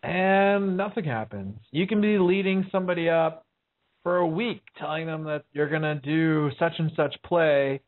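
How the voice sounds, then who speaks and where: A man's voice: fairly high pitch, normal speed. Man, casual host, profane, lots of fillers, tinny phone-like audio. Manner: blunt and profane, rambling with fillers. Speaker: podcast host. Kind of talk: casual chat.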